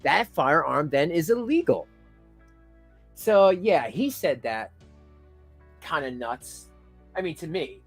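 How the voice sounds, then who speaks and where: A man's voice: fairly high pitch, big pitch swings, slow pace, long pauses, slightly rough, soft background music. A man hosting a casual online commentary stream. He rambles with stammered restarts, keeps addressing his viewers as folks, and breaks into heated rants. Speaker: YouTube commentary host.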